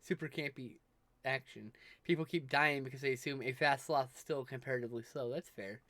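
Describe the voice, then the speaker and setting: A man's voice: mid-range voice, fairly even intonation, a little fast, fairly bright tone, dry recording. A man chatting casually on a livestream, rambling, swearing freely and trailing off mid-sentence. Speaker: livestream co-host. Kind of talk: casual chat while drawing.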